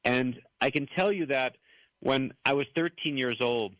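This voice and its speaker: A man's voice: medium pitch, measured pace, no room sound, rough recording. A man in his fifties, from the United States, telling stories as an author guest and acting out the voices he quotes. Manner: animated storyteller who acts out quoted voices. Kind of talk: storytelling interview answers.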